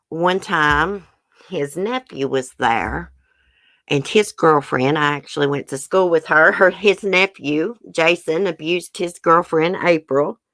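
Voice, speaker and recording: A woman hosts her channel and speaks openly to her viewers in a low, gravelly voice, near tears and full of ums. The sound is dry and close to a desk webcam in a small room. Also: a bit bright, no room sound. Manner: candid, speaks straight to viewers as "guys" and "y'all", frequent ums. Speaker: channel host. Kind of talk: casual personal talk to viewers.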